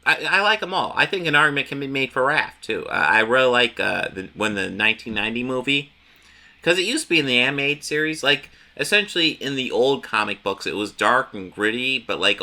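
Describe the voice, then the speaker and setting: Gravelly man recapping comics. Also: mid-range voice, expressive, brisk, bright, forceful tone. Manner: rambling, with frequent restarts and casual swearing. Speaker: comic book reviewer. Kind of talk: casual comic book recap.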